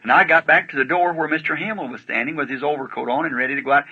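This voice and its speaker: A man preaches a sermon story in a folksy, plain-spoken style with rustic grammar, captured on a dull lo-fi archival recording. His voice is on the high side, very fast, with a breathy edge.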